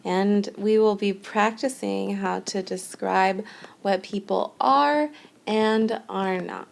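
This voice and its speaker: A woman's voice: medium pitch, steady tone, slow pace, creaky. Patient woman teaching a screencast lesson. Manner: patient, step-by-step explaining. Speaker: French teacher.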